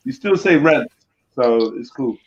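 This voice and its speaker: A young man hosting a live stream panel, loud and teasing as he banters and laughs. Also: mid-range voice, expressive, unhurried, crowd noise. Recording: muffled streaming audio.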